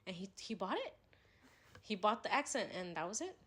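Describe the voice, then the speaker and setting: A young woman hosting a podcast, telling animated stories in casual chat with laughter. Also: mid-range voice, a little fast. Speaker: podcast host. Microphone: podcast microphone.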